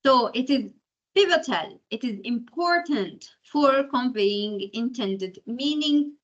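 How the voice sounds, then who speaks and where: Bright-voiced lecturer. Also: female voice, on the high side, expressive, takes it slowly, muffled recording. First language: Arabic. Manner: explanatory, keeps checking in with "okay?". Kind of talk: university lecture.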